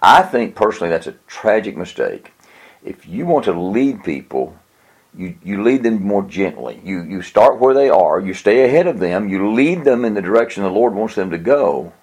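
A man's voice: on the low side, very animated, moderate pace, darkish tone, slightly rough. A man giving an earnest, plain-spoken teaching talk on how to preach, with a chuckle now and then. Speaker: preaching instructor.

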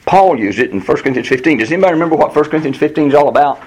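A man preaching verse by verse through a Bible passage to a congregation, reading the verses slowly and acting out the speakers in them. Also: fairly high pitch, husky, low-quality recording. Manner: animated, reads verses slowly and acts out voices. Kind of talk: expository Bible teaching.

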